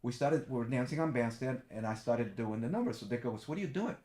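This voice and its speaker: An older man, a guest, telling lively stories about his dancing days and acting out every quote. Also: a little fast, a little hiss or hum. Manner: lively storyteller who acts out quotes with big pitch jumps. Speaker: guest, former TV dancer and host. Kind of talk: animated storytelling.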